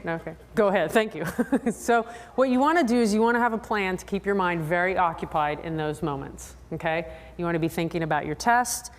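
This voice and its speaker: A woman giving a conference lecture to riders, lively and often checking in with the audience. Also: medium pitch, long reverb tail, a little hiss or hum. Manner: acts out riders' and trainers' voices. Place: convention lecture hall.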